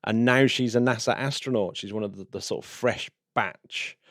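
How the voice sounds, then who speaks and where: A man's voice: mid-range voice, no room sound, studio quality. A man co-hosting a podcast in casual, self-mocking chat. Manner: chatty, self-mocking, quick to laugh. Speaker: podcast co-host.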